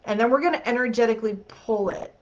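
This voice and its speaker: A woman's voice: on the high side, fast. Chatty woman walking a group thru a healing exercise, keeps asking okay?, dull lo-fi stream sound. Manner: upbeat and chatty, often checking in with "okay?". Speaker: host of a healing masterclass.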